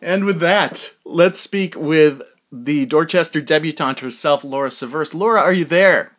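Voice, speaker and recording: A man hosting a podcast, earnest in tone and slow and careful when he spells things out. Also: on the high side, a bit bright. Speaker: podcast host and novelist.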